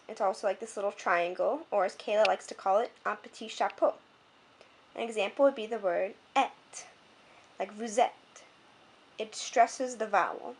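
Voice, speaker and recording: A young woman tutoring French in a homemade video lesson, explaining clearly and stopping now and then to adjust her camera. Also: medium pitch, fairly bright tone.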